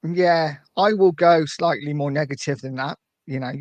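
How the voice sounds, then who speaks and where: Middle-aged host with a dry close sound. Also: male voice, fairly high pitch, moderate pace, no room sound, dull audio. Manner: friendly, leading the conversation. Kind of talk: casual podcast chat.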